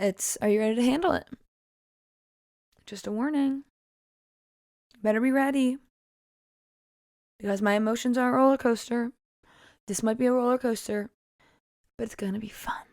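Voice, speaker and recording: A woman's voice: on the high side, no echo, studio quality. A woman musician chatting casually about her own song, rambling through tangents with frequent laughs and fillers. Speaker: singer-songwriter discussing her song. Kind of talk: casual podcast chat.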